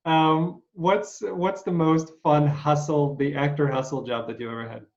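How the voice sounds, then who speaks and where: Male interview host, easygoing, slightly higher voice, dull lo-fi audio. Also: fairly even intonation. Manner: easygoing, brief affirmations and quick questions. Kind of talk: casual interview chat.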